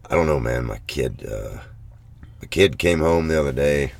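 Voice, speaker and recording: A man, an intern, talking in a very deep gravelly voice with a deadpan, villain-like manner in casual comedic banter. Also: moderate pace.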